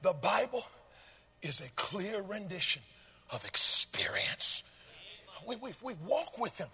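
A man a sermon in a rhythmic, sung cadence that swells into shouted chanting. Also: high-pitched, big pitch swings, slow, slightly rough, in a large hall. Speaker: preacher.

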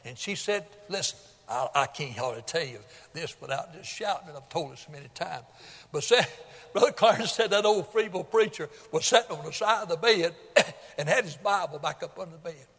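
A male pastor preaching a sermon in a folksy storytelling way, building up to shouts at the high points. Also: lively intonation, fairly quick, breathy edge. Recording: long hall reverb.

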